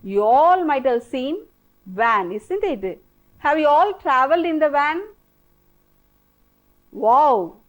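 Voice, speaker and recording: A woman teacher with an Indian English accent, slowly drilling children through an English lesson with repeated prompts. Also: sits high, very animated, lo-fi sound. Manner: slow, repetitive, coaxing drill-style prompting. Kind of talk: televised classroom English lesson.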